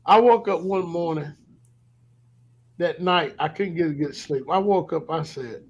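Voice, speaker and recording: A man, telling a candid, confessional story in casual chat, often trailing off softly. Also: a little high, steady tone, moderate pace, lo-fi sound.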